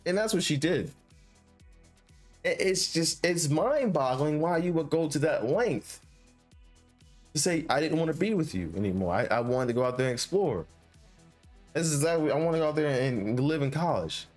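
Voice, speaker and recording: A man's voice: fairly high pitch, lively intonation, moderate pace, pauses often. Young guy, casual storytime, rambly and profane, faint music behind. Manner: rambling, full of restarts and fillers, profane.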